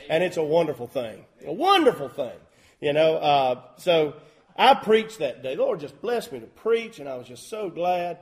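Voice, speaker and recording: Preacher guy, high voice, real lively, folksy and loud at times. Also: moderate pace. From Southern US. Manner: folksy, emphatic preaching with bursts of shouting. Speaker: pastor. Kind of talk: sermon.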